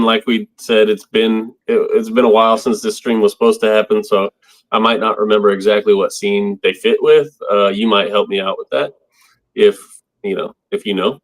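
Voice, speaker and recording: A man co-hosting a casual movie podcast, rambling and laughing often as he reads out favorite lines. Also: lowish voice. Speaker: podcast co-host. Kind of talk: casual chat.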